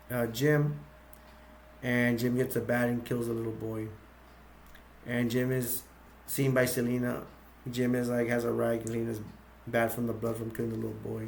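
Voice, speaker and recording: A man casually retelling a movie plot, rambling and halting with many fillers. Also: medium pitch, gravelly, a little hiss or hum. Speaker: movie recap youtuber.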